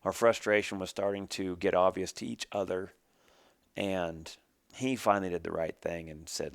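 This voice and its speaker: Middle-aged man from Oregon, deep and gravelly, casual rambling storyteller, dry close mic. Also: fairly even intonation, moderate pace, no echo. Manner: rambling, restarts, plain country talk. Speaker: team roper telling his story.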